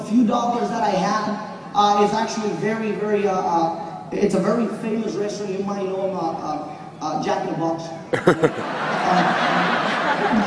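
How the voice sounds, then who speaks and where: Man shouting motivation in an echoing hall. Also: sits high. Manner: repetitive, rising to shouts, audience call-and-response. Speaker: motivational speaker at a business event. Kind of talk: motivational stage speech. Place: large event hall with audience. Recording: echoey hall from far off, crowd. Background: audience laughter and murmur.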